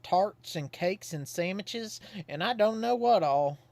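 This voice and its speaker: A simple, good-natured country fellow from a video game, put on by a man reading the dialogue aloud. He talks in a folksy, homespun dialect and stretches his lines out like a porch storyteller, with his pitch pushed a little higher than a plain speaking voice. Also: animated, slow pace, gravelly, darkish tone, no room sound, heavily acted. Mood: folksy, chatty. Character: simple folksy rural man, old Godfrey.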